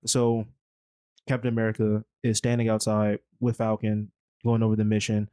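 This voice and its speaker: Guy recapping a movie on his podcast, low mellow voice, rambly and slangy. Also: monotone, normal speed, clean tone, dry recording. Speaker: podcast co-host.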